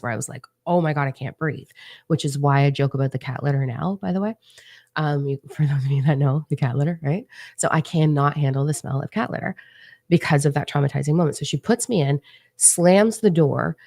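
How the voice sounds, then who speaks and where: A woman with a low voice and a gravelly edge tells her own story. She talks casually, full of fillers, and sounds lively and dramatic. The sound is dry, with no room echo. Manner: casual and animated, many "like" fillers. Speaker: spiritual channel host. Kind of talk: personal storytelling.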